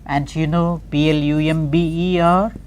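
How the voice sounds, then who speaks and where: A woman's voice: low-pitched, flat delivery, moderate pace, a little mellow, smooth. A middle-aged woman teaching pronunciation, spelling words out letter by letter and repeating them carefully. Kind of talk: slow recorded classroom lesson.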